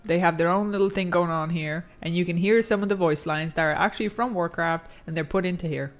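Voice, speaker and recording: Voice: mid-range voice, fairly even intonation, a little fast, faint music behind. A game streamer chatting casually while playing, slangy and profane, reading chat aloud and rambling with many fillers.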